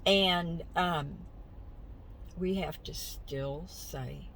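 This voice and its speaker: An older woman with a drawl talks to her followers at an unhurried pace. Her way of speaking is folksy and chatty, and she keeps cheering her listeners on. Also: low-pitched, background noise. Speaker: vlogger. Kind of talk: casual chat to camera.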